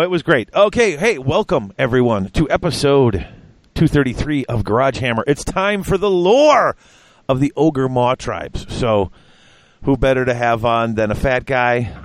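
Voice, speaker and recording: A man hosting a casual hobby podcast, joking around in quick, excitable bursts. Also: mid-range voice, no echo. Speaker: podcast host.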